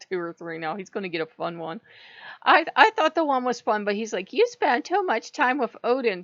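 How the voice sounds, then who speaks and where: A woman chatting casually to her channel, animated and laughing often as she slips into mock voices. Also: medium pitch, no room sound, muffled recording. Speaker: YouTuber.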